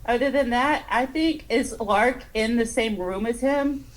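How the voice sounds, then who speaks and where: A woman's voice: a little high, measured pace, low-quality recording. A woman playing a tabletop game, joking and rambling playfully as she describes her character's actions. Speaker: player. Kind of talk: tabletop role-play.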